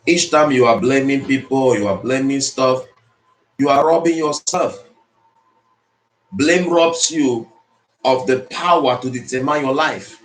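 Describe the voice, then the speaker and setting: Motivational speaker, man, mid-pitched, preachy and repetitive, in an echoey room. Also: moderate pace. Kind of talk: motivational speech. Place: speaking to an audience in the Philippines. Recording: roomy echo.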